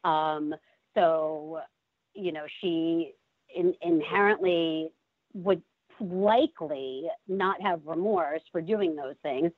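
A woman's voice: deep voice, takes it slowly, no echo, phone-quality sound. A woman speaking as a guest commentator, hesitant with many fillers.

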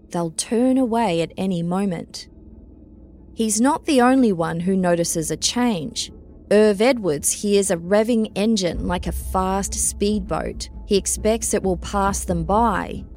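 A woman reading a scripted true-crime story in a measured, even storytelling manner. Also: medium pitch. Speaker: narrator. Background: faint music.

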